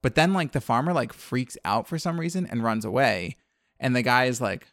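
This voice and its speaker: A man casually retelling a film's plot, animated and acting out the characters' lines. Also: medium pitch, normal speed, dry recording, clean studio sound. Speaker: podcast co-host recapping a film. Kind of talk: casual chat.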